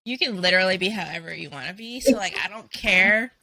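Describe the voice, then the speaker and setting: A woman hosting a podcast in casual chat, loud and profane, laughing a lot. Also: mid-range voice, fast, creaky, a crowd in the background. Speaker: podcast host.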